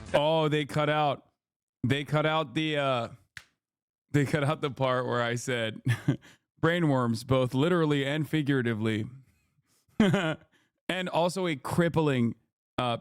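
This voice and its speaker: A man's voice: medium pitch, a little slow, long pauses, clear, resonant tone, no room sound, faint music behind. A man reacting on a live stream, joking and swearing as he talks over a playback.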